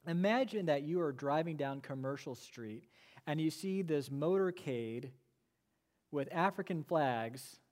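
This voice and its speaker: A man preaching a sermon as pastor, emphatic, with quick asides and slow stressed phrases. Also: on the high side, animated, darkish tone. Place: church sanctuary. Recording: long reverb of a church hall.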